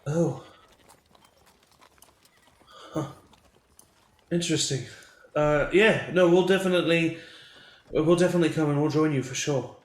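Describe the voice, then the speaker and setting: A man voicing an earnest, slightly awkward female mystic who speaks softly and hesitantly. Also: deep voice, normal speed, pauses often, roomy sound, close to an everyday voice. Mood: distracted.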